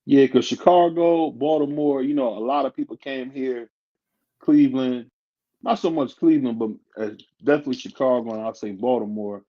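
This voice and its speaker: A male host talks easily in casual chat and laughs often. His voice sits in a middle pitch, and it comes through on dull, lo-fi audio with the top end missing. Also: moderate pace. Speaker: stream host.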